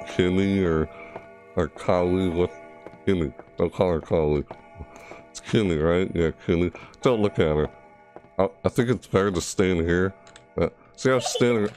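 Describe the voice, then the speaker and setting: A man's voice: low-pitched, measured pace, a little mellow, soft background music. A man giving live horror game commentary through a VR headset, jumpy and frustrated, often breaking into panicked yelps and shrieks. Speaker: gameplay commentator.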